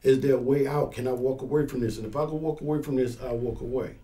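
A man with a mellow, warm voice talks through gun-safety training in a relaxed interview. He keeps the tone casual and often acts out little scenes in quoted voices. His pitch sits in an ordinary middle range. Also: fast talker. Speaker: firearms instructor and pastor.

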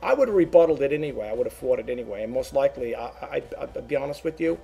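A man's voice: medium pitch, expressive, quick pace, gravelly, mellow. A man who resells online, chatting casually to his viewers, rambling and repeating words as he goes. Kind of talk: casual talk to camera.

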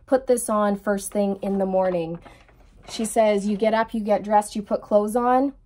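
A woman's voice: medium pitch, steady tone, unhurried. A woman tarot reader talking casually about spiritual messages. She sounds earnest and moved, and keeps checking in with her viewers as she goes. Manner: earnest, keeps checking in with okay and you guys; emotionally moved, soft and heartfelt. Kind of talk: casual spiritual channeling chat.

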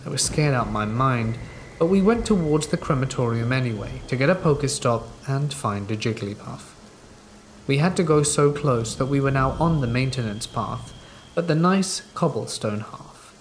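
A man calmly reading a horror story in scripted narration. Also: mid-range voice, normal speed. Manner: calm, steady storytelling. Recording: faint rain noise behind voice. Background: rain and thunder ambience.

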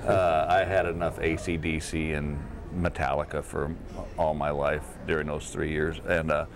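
A man's voice: very deep voice, moderate pace, noisy background. A middle-aged man from Texas, a comedian telling stories in a casual interview and laughing through them. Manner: animated, laughs through his own stories. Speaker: comedian guest. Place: hotel room.

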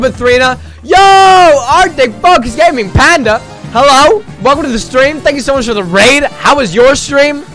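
A man's voice: extremely high pitch, bright, forceful tone. A man live-streaming and chatting with his viewers, greeting them by name and playing up mock shock with sarcastic exaggeration. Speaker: livestreamer. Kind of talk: casual live-stream chat.

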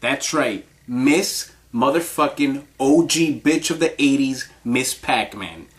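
A man's voice: medium pitch, slow, a little hiss or hum. A man giving casual countdown commentary in a crude, rambling, profanity-heavy way, often laughing.

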